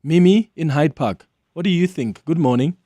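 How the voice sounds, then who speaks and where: A man's voice: fairly high pitch, moderate pace, dark tone, no room sound, studio quality. A South African man hosting a call-in radio show, speaking in a conversational, engaged way. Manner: conversational, engaged, often laughing with callers. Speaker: radio talk show host. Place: radio studio. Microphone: studio microphone.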